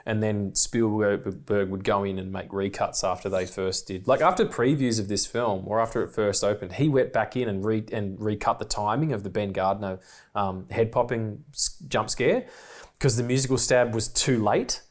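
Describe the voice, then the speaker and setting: A man from Australia, co-hosting a podcast and chatting casually through a film commentary, rambling and excitable, swearing freely and laughing often. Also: lowish voice, normal speed. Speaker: podcast co-host.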